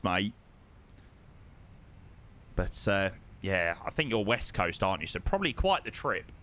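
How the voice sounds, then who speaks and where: A man's voice: sits low, very animated, measured pace, long pauses, sharp tone. A young man chatting casually on a live flight sim stream, greeting viewers, reading chat aloud and humming to himself.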